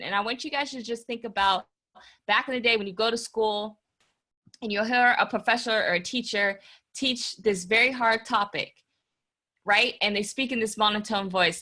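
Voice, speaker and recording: Woman hosting a live stream, bright crisp voice, upbeat, keeps calling viewers guys. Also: on the high side, normal speed. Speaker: workshop host.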